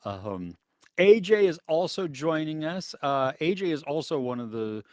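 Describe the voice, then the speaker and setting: A man's voice: a little high, a little slow, no room sound, clean studio sound. A man co-hosting a live movie chat stream, greeting viewers by name and laughing often. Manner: animated, laughs often, reads chat names.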